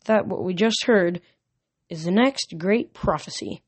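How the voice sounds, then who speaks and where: A woman's voice: on the low side, measured pace, husky, no room sound. A woman playing Apollo, a showy cheerful sun god. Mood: breezy. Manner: breezy, showy, upbeat. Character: cheerful breezy male sun god, boastful.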